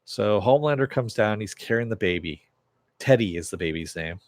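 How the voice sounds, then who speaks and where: A man with a somewhat low voice, excitable and free with swearing, retells a TV episode scene by scene. He keeps acting out the characters' lines as he goes, in a casual spoken recap. The sound is close and dry, with no room echo. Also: brisk. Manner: excitable and profane. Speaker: TV episode reviewer.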